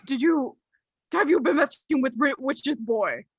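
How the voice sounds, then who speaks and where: A woman's voice: high-pitched, expressive, measured pace, no room sound, dull audio, voice pushed up. A woman voicing a frantic, fussy older male village doctor with worried, urgent questions. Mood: alarmed.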